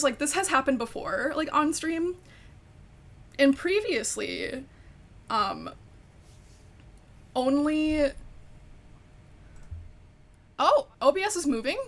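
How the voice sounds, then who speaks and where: A woman's voice: high-pitched, lively intonation, measured pace, pauses often. A woman streaming a game, chatting casually and swearing in frustration at her crashing computer.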